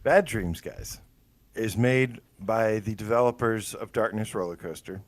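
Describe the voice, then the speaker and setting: A man's voice: fairly low pitch, measured pace. A man co-hosting a casual gaming podcast, telling stories with lots of fillers and rambling enthusiasm. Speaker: podcast co-host.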